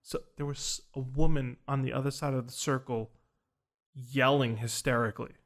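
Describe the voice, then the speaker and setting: A man's voice: medium pitch, steady tone, normal speed. A young man casually telling a personal story on a podcast, earnest and rambling, full of fillers and restarts. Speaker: podcast host recounting a ceremony.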